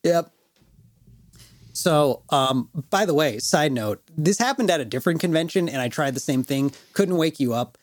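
Telling a story on a podcast he co-hosts, this man laughs, curses and acts out what others said in a casual chat. His voice runs high with animated intonation at a normal speed, captured dry in a clean studio.

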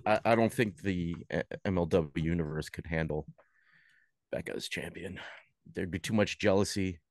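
A man's voice: deep voice, moderate pace, no room sound, studio quality. A man co-hosting a casual wrestling prediction show, playful and teasing with hesitant fillers. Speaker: podcast co-host.

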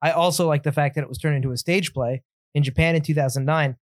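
A man's voice: a little high, steady tone, no echo, clean studio sound. Thoughtful male podcast co-host. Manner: measured, thoughtful, draws on stage acting experience. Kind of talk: casual film discussion.

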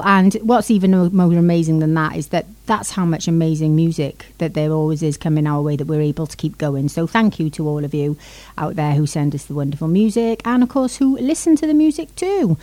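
A woman's voice: deep voice, brisk, warm tone, no room sound. A woman from Wales with a Cardiff accent, hosting a radio music show in a chatty, rambling way. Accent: Welsh, Cardiff. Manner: chatty, rambling, laughs easily. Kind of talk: casual sign-off chat.

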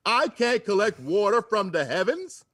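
A man co-hosting a podcast, chatting casually with lively mock outrage and jokes. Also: sits high, moderate pace, a little hiss or hum. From United States. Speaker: podcast co-host. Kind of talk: casual joking chat.

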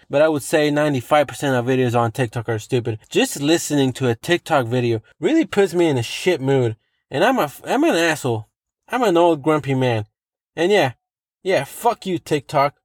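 A man with a somewhat high voice rants alone, with plenty of swearing. He drives each point home by repeating it. The sound is close and dry, with no room around it. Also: animated, a little fast, no room sound. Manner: profane, emphatic, repeats himself for effect. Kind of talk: solo rant monologue.

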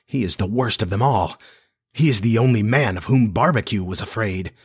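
A man voicing a cautious, earnest young boy in a storybook, slightly higher and hesitant. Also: moderate pace, slightly rough.

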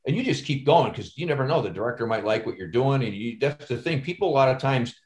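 A man's voice: medium pitch, animated, fast talker, a little mellow. A man, an actor and guest on a casual podcast, rambling through stories with lots of "you know".

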